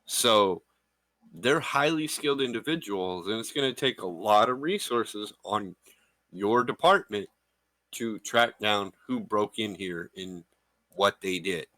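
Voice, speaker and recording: A man playing a tabletop game, explaining in a measured, hesitant way with ums. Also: fairly low pitch, lively intonation, bright, forceful tone, no room sound. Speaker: player. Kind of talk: in-character explanation.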